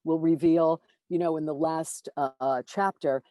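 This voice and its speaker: A woman who narrates audiobooks, talking casually in an interview, animated and self-deprecating, with lots of fillers and restarts. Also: low-pitched, measured pace, no room sound.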